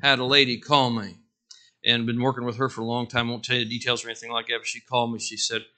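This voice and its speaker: A male pastor preaching a sermon, swinging from loud declarations to hushed asides and acting out quotes. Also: medium pitch, little pitch movement, fast talker.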